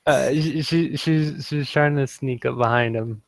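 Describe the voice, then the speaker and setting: A man's voice: mid-range voice, a little slow, gravelly, dry recording. A young man playing a character in a tabletop game, hesitant and repeating words as he describes what she does. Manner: hesitant, repeats words, narrates his character in third person. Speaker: player.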